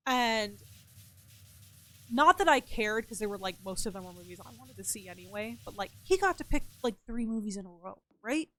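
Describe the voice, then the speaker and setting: A woman's voice: a little high, moderate pace, a bit bright. A young woman streaming a game and chatting casually, talking freely, swearing, and answering her chat. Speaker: gaming streamer.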